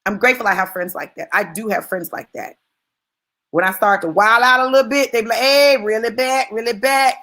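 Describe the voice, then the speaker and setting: Brisk and sharp, with a medium pitch, this woman delivers a motivational talk in an emphatic, conversational way. She speaks straight to her audience, driving points home by repeating key phrases.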